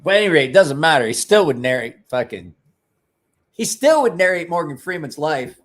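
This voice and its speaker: A man's voice: fairly high pitch, big pitch swings, a little fast. Profane rambling livestream guy. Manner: rambling, profane, joking asides to chat. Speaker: livestream host. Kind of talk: casual livestream chat.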